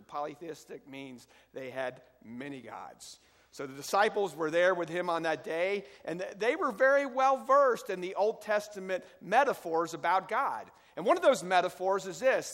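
Emphatic male preacher in a reverberant hall. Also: high voice. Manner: emphatic preaching that drops to quiet scripture reading. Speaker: pastor. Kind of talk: sermon.

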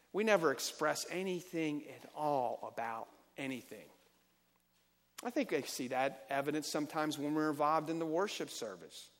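A man's voice: a little high, long reverb tail. A male pastor preaching a Sunday sermon with emphatic, audience-directed delivery. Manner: emphatic, calls for amens. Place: church sanctuary.

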